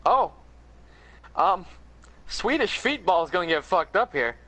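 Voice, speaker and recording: A man chatting excitedly on a gaming stream who laughs a lot while he plays. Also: sits high, measured pace, rough recording. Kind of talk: casual gaming stream chat.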